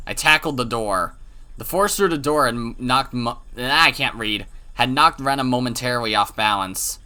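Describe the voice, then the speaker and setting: Man, let's play host, reads visual novel aloud, very bright tone, dramatic, swears in asides. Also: medium pitch. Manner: dramatic reading with profane asides and stumbles.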